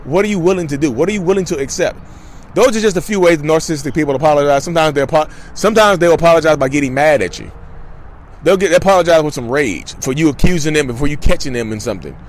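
Fast-talking animated male podcast host. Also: on the high side, a little hiss or hum. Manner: animated, mimics people in quick asides. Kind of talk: casual monologue.

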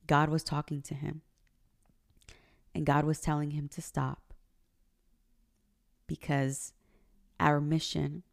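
A woman's voice: low voice, gravelly, a little mellow. A woman hosting a podcast, talking in an earnest, confessional way about her marriage and faith, and sometimes getting emotional. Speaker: podcast host. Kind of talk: personal faith podcast monologue.

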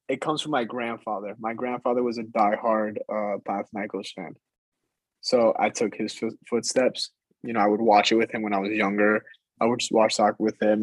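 A man's voice: medium pitch, a little mellow, breathy edge, dry recording, poor audio. A young man, a soccer player being interviewed, talking casually and hesitantly, with many fillers as he thinks aloud. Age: young adult.

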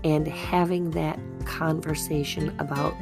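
An older woman hosts her faith podcast in a calm, chatty, self-deprecating way. Her voice sits a little low, with a gravelly edge, and she takes her time. Soft music plays faintly behind her. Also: a little slow. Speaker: podcast host. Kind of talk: gentle faith podcast talk.

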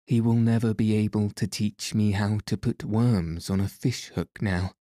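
A man's voice: fairly low pitch, steady tone, normal speed, mellow, no room sound, studio quality, natural voice. A man reading the lines of a solemn, dramatic little girl in a storybook, in an earnest voice.

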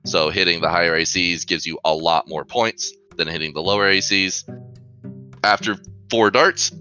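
A man narrating a tabletop game as game master, chatty and animated. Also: sits low, moderate pace, lo-fi sound, faint music behind.

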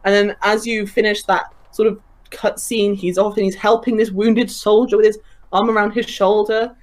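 A woman's voice: medium pitch, little pitch movement, moderate pace. A woman chatting casually on a podcast, enthusiastic and laughing often, with many fillers. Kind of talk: casual chat.

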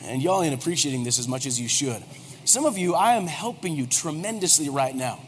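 High-pitched guy pastor in his 40s cracking jokes, echoey church hall, bit of hiss. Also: brisk. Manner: animated, joking, acts out quoted voices. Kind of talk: humorous sermon. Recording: hall reverb, faint background noise.

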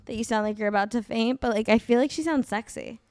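A woman's voice: on the high side, fast, a little mellow, dry recording. A woman hosting a comedy podcast, chatting in a brash, crude, joking way. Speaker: podcast host. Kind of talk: casual podcast chat.

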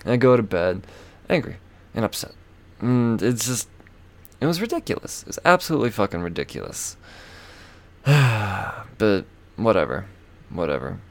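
Low gravelly guy rambling on a podcast, swears a lot, pokes fun at himself, voice jumps all over. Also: sing-song, moderate pace. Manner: profane, self-mocking, frequent fillers and laughs. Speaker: podcast host. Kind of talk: casual rambling storytelling.

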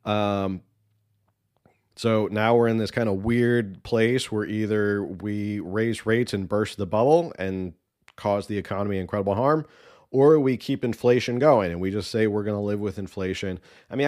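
A man's voice: lowish voice, a little mellow. A man hosting a political podcast, giving casual, opinionated commentary with sarcasm and exasperation.

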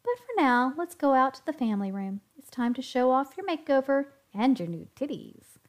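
A woman's voice: sits high, sing-song, moderate pace, dark tone, pitched above the performer's own voice. A woman reading a story aloud, voicing a coy, bossy young woman who teases and gives orders. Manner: teasing, commanding.

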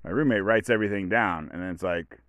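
A man's voice: deep voice, quick pace, a bit bright, no room sound. A man hosting a podcast, talking in a casual rambling monologue full of asides and restarts. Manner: rambling, self-interrupting, storytelling asides. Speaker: podcast host.

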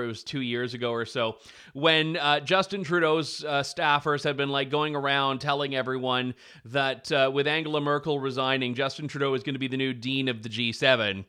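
A man's voice: mid-range voice, bright, forceful tone, clear, resonant tone. A man co-hosting a political commentary show, talking in a wry, amused, chatty way.

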